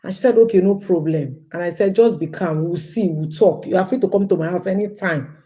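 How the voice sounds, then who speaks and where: A woman's voice: lowish voice, fairly quick, warm tone. A woman from Nigeria hosting a casual livestream, chatty and storytelling, often calling her viewers "guys" and repeating phrases. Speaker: livestream host.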